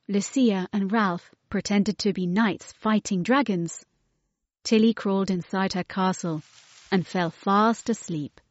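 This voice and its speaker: A woman reading a children's storybook aloud, slow and clear, mixing in words from another language. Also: medium pitch, darkish tone, no echo. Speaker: storybook reader. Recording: dull lo-fi dry recording.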